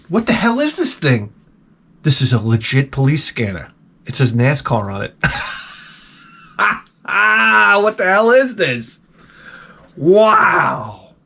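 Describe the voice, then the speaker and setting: A man hosting an unboxing vlog, talking in an excitable, rambling way with frequent exclamations. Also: fairly high pitch. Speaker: YouTube host.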